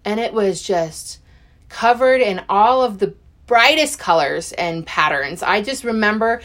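Woman, middle-aged, personal storytelling, chatty, animated, acts out quotes, medium pitch. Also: measured pace. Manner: chatty, animated, many fillers and acted-out quotes. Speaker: podcast guest.

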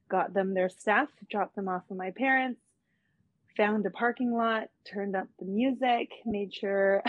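A woman in her thirties tells a personal story on a video call in a candid, casual way, with fillers and the odd swear word. Her voice comes through dull, lo-fi call audio and sounds dry and close, with no room echo. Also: mid-range voice. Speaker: child protection worker.

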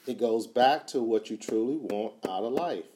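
A man giving a motivational talk, emphatic and repetitive, swinging from quiet to loud. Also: mid-range voice, normal speed, noisy background. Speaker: motivational speaker.

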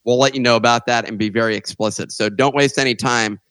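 A man's voice: medium pitch, steady tone, fast, a bit bright, clean tone, dry recording. A joking man co-hosting a casual podcast, his voice sitting in a middle range. He laughs easily and trips over restarts. The mic is close and dry, with no room sound. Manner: jokey, laughs often, restarts. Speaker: co-host.

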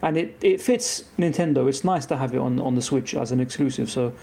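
A man's voice: mid-range voice, brisk, creaky, mellow. A man co-hosting a gaming stream in casual chat, hesitant and full of restarts. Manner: hesitant, many fillers and restarts.

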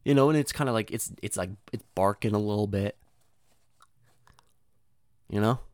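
A man's voice: on the low side, normal speed, no echo, studio quality. A young man rambling through a profane, slangy story in casual monologue, often jumping into voices for the people in it.

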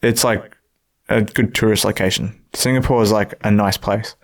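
A man's voice: lowish voice, fairly even intonation, moderate pace. A man in casual podcast chat, laid-back and giggly, reading facts off a list.

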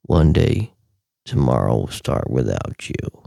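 Super deep grave doomsayer voice, a guy putting it on, slow and dramatic, dry sound. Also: very animated, creaky, warm tone, no echo, exaggerated voice. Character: deep, solemn male Twitter alter ego.

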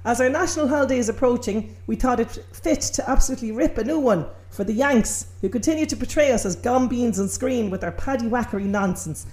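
An Irish woman opening a film podcast with loud, teasing comic patter. Her voice sits slightly high, and she leans hard into the exaggerated Irish bluster. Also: brisk, hardly any pauses, echoey room. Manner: hammy stage-Irish banter, brash and teasing. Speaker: podcast co-host.

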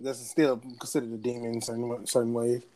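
A man's voice: medium pitch, level tone, brisk, dark tone, slight background noise. A man co-hosting a casual podcast chat, laid-back and profane. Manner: laid-back, profane, talks over others. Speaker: podcast co-host.

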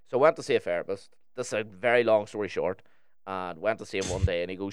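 A man's voice: low voice, lively intonation, fast talker, clear, resonant tone, no echo, studio quality. A man in casual podcast chat, talking candidly and swearing freely as he tells personal stories.

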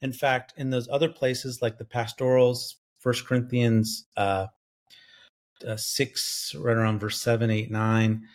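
A man's voice: mid-range voice, little pitch movement, measured pace. Man explaining Greek grammar, self-correcting. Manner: lecturing, self-correcting, thinks aloud with fillers. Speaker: biblical scholar co-host. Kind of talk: academic bible study discussion.

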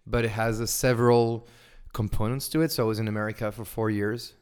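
A man's voice: fairly low pitch, fairly quick, clean tone. French-accented young man telling stories. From France. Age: 20s. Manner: animated storyteller, frequent fillers and restarts. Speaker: guest. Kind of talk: casual interview chat. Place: indoors over wine.

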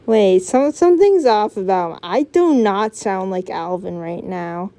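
A woman talking to her channel in a loose, wandering monologue, circling back with fillers and false starts. She speaks slowly and unhurriedly at a middling pitch for a woman. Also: expressive, dark tone, no echo. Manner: rambling, many filler words and restarts. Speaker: channel host. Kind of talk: casual rambling monologue.

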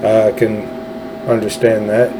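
A man's voice: on the low side, completely flat delivery, takes it slowly, noisy background. A man delivering an opinionated political monologue, ranting emphatically and repeating phrases for effect. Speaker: political podcast host.

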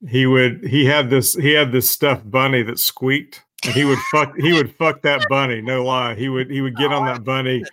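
A man's voice: medium pitch, fairly even intonation, normal speed, few pauses, pushed and bright, dry recording. A man in a casual livestream chat, rambling with lots of fillers and crude language. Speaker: podcast co-host.

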